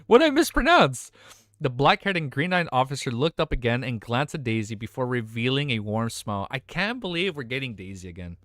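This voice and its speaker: A man's voice: mid-range voice, expressive, a little fast, hardly any pauses, a bit bright, no echo, clean studio sound. A young man streaming live, reading a novel aloud and reacting in a casual, emotional, swearing way. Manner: casual and swearing, often emotional, exclaims "dude".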